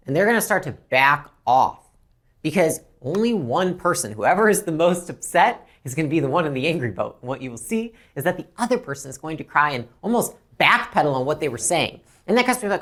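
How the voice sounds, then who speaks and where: Blunt, lively woman coaching. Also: sits low, a little fast. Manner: blunt and animated, swears freely. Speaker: business coach. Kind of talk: teaching a training lesson.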